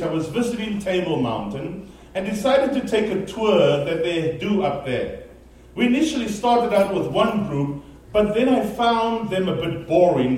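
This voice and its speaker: High-voiced preacher in an echoing hall. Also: male voice. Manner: animated storytelling preacher, rising to emphatic peaks. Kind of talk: sermon storytelling. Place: church sanctuary. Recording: very echoey, distant mic in a large room.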